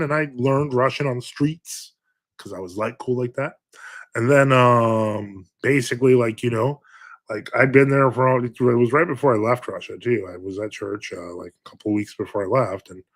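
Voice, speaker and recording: A young man in the role of a priest runs a casual livestream and reads viewer comments aloud. He rambles with lots of "uh" and "you know". His humor is dry and self-mocking. His pitch sits in a middle range for a man. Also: fairly bright tone. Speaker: Orthodox priest hosting a livestream.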